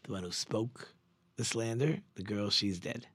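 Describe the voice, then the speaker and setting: Male rabbi, husky voice, dry close sound, animated sermon storyteller. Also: fairly low pitch, measured pace, dry recording. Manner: animated storyteller acting out characters' lines.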